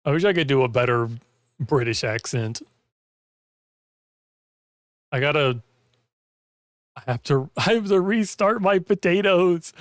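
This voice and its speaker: A man's voice: on the high side, dry recording, clean studio sound. A man chatting casually on a gaming stream, rambling with lots of "like" fillers and losing his voice. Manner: rambling, heavy use of "like". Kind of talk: casual chat while gaming.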